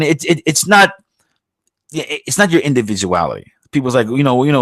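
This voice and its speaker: In a dry recording, a US podcast host talks fairly quickly in a fairly high voice. His casual monologue wanders, swears freely, and is packed with fillers and false starts.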